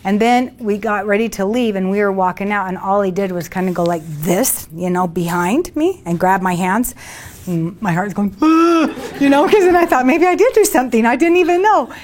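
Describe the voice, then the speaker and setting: A woman's voice: medium pitch, expressive, moderate pace, darkish tone. A woman leading a workshop, telling chatty stories to a group and acting out her own past words with laughs. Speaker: workshop leader. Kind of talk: storytelling talk to a group.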